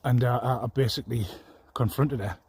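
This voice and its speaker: A man's voice: medium pitch, brisk, a little mellow, husky, no echo. A man ranting angrily to the camera in a rambling, profane, aggrieved way. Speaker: vlogger. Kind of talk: angry personal rant.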